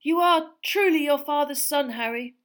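A woman's voice: high voice, normal speed, a bit bright, pitched above the performer's own voice. Thin escaped man, urgent and weak, read by a woman. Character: gaunt escaped adult man, urgent and moved.

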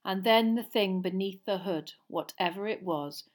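Expressive woman reading a story aloud. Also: mid-range voice, moderate pace. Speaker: audiobook narrator. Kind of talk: scripted narration.

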